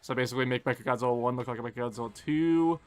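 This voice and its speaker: A young man, streaming a game live and chatting casually and quickly with his viewers, joking at his own expense. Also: medium pitch, darkish tone, dry recording. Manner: fast, casual, self-deprecating chatter. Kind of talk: live gameplay commentary and chat Q&A.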